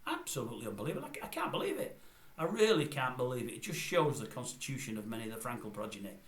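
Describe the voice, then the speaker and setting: An older man rants through a blunt, grumbling review in a mid-pitched voice, repeating his complaints. He is recorded in a room that gives his voice a noticeable echo. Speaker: vlogger. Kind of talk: ranting review.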